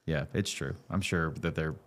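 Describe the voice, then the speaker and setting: A man from Alabama with a Southern accent, co-hosting a podcast in relaxed chat, easygoing and jokey, often repeating his words. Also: extremely low pitch, moderate pace. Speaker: podcast co-host. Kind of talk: casual chat.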